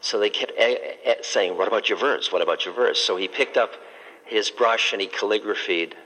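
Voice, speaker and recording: An older man, a spiritual teacher, telling stories gently and unhurriedly, with soft laughs. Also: on the low side, normal speed. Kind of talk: storytelling talk. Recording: hall with long reverb.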